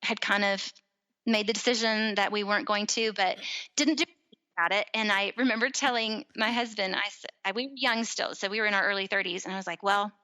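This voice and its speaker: A woman's voice: mid-range voice, fairly even intonation, fast talker, bright, forceful tone. A woman in her forties, a podcast guest, telling family stories in casual chat and acting out the voices of people in them.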